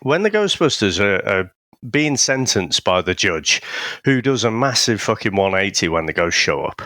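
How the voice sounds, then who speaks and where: A man's voice: lowish voice, very animated, normal speed, bright, forceful tone, no room sound, studio quality. A man from England co-hosting a podcast, chatting casually, swearing freely and laughing often. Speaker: podcast co-host. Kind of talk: casual chat.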